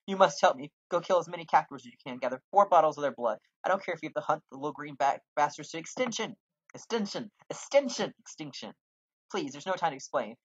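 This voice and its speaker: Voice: a bit bright, slightly rough, highs cut off. A gamer voicing a frantic, desperate man who pleads for help in a breathless rush. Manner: breathless, pleading, rising pitch.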